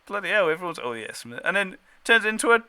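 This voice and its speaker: A man's voice: sits high, big pitch swings, brisk, sharp tone, clear, resonant tone, no echo. A man co-hosting a podcast, chatting casually with lots of fillers, restarts and chuckles. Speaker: podcast co-host giving a battle report. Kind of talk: casual chat.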